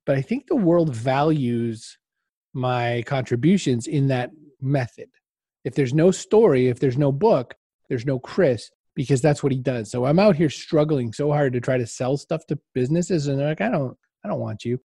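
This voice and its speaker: A man's voice: mid-range voice, normal speed, husky, no room sound, clean studio sound. A man telling anecdotes as an interview guest in casual talk, acting out what people said and laughing often. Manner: animated anecdotes, acts out quotes, laughs often.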